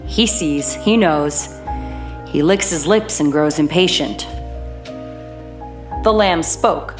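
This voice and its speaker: Low-voiced woman narrating an audiobook. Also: slow pace, pauses often, faint music behind.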